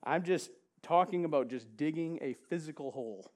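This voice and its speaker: A man with a fairly high voice delivers a sermon in a church. He talks in a relaxed, conversational way, tossing questions to the congregation and laughing along with them. When he reads scripture he slows down and leans on the key words. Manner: reads scripture slowly with emphasis. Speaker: preacher. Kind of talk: sermon with audience interaction.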